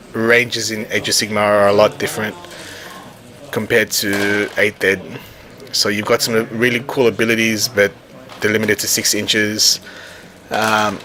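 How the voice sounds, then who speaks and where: A man casually explaining a tabletop wargame as he plays, often stopping and restarting his phrases. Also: lowish voice. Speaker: tabletop wargame player recording a battle report. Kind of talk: casual explanatory narration over a tabletop game. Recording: chatter from a crowd in the background.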